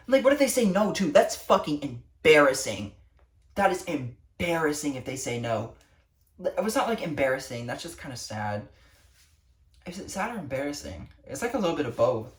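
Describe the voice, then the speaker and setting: A woman's voice: low-pitched, big pitch swings, brisk. A teenage girl vlogging, ranting to camera with lots of swearing and exasperation. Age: teens. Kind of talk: casual rant to camera. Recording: echoey room, distant mic.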